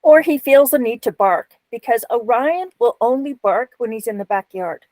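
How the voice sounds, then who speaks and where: A woman's voice: a little high, expressive, normal speed, a little mellow, no room sound, poor audio. A woman in casual chat, talking matter-of-factly.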